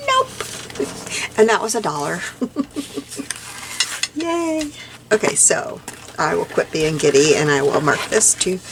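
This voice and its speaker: A woman's voice: fairly low pitch, noisy background. A woman crafting vlogger chatting casually while she works, giddy and talkative, laughing often and using lots of fillers.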